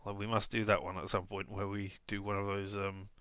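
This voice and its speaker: A man's voice: fairly low pitch, monotone, fairly quick, fairly bright tone, clear, resonant tone, no room sound. A man casually commenting as he plays a point-and-click game, rambling with self-mocking asides. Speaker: streamer.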